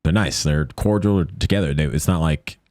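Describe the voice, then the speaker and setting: A man telling a story as a podcast guest in casual chat, lively and jokey, often acting out what people said. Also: fairly quick, no echo, clean studio sound. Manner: animated, acts out quoted lines in a higher voice; jokey, conversational with many fillers.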